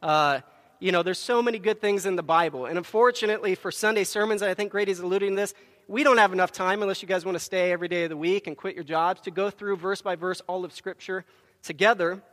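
Man, preacher, sermon, high voice, emphatic storytelling, microphone, reverberant church hall. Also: fast, fairly bright tone. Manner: storytelling with acted quotes, emphatic. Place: church sanctuary.

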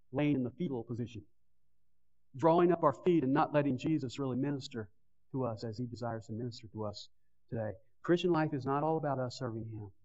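A pastor giving a Sunday morning sermon, stressing key words and then dropping to a hushed, pleading tone. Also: male voice, medium pitch. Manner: earnest preaching, swinging between stressed bursts and hushed pleading. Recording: dull lo-fi sermon recording.

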